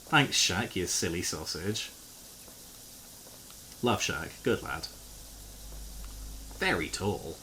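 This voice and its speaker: A man's voice: low voice, expressive, slow pace, long pauses, sharp tone, a little hiss or hum. A man streaming live, chatting casually with viewers while he plays a game, joking and swearing freely. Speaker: variety streamer.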